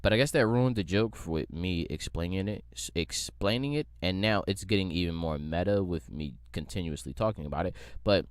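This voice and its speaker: Low-voiced man ranting profanely. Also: brisk, few pauses, smooth, no echo. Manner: profane, rambling, joking. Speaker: podcast host. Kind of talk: casual comedic rant.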